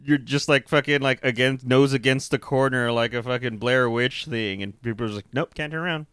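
Bright, joking, profane podcast man. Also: mid-range voice, level tone, a little fast, smooth, no room sound. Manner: joking and profane, with lots of laughter. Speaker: podcast co-host. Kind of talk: casual movie-recap chat.

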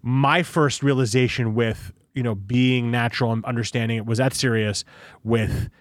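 A man's voice: medium pitch, steady tone, moderate pace, dry recording, studio quality. A man hosting a podcast, chatting casually in a rambling way, repeating himself and swearing freely. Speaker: podcast host. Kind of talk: casual interview chat.

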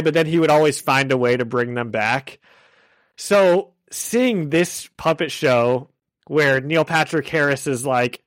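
A young man co-hosting a podcast, recapping a show in an excited, rambling way full of "like". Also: fairly high pitch, no room sound. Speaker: podcast co-host. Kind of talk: casual chat.

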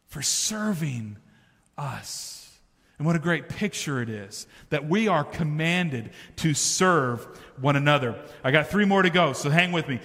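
A pastor's sermon fills a church sanctuary, his high, bright voice carried by a long hall reverb. Speaking conversationally to the congregation, he builds each point with mounting emphasis.

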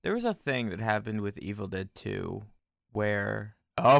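A man chatting casually at a desk microphone as he watches a movie, tossing out joking, animated asides. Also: fairly low pitch, a little slow, gravelly, no echo, studio quality.

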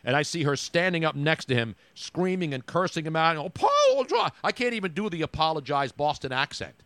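A man's voice: on the high side, fairly quick, bright, forceful tone, no echo. A man co-hosting a sports podcast, joking and rambling in casual chat. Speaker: podcast co-host.

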